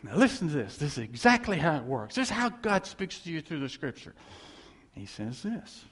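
A man preaching in a storytelling sermon style, animated and laughing as he acts out what others said to him. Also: fairly high pitch, moderate pace, husky. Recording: long hall reverb.

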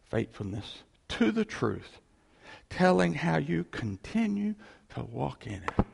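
A man's voice: a little high, big pitch swings, slow pace, creaky, a little mellow, slightly rough, in a large hall. A male pastor giving a conversational sermon, repeating phrases for emphasis and chuckling as he goes.

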